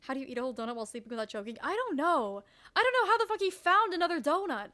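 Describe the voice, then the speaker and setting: A young woman streamer telling a story in casual chat, animated, swearing freely and leaning on "like" a lot. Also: sits high, racing. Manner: animated, swears freely, heavy use of "like", laughs often.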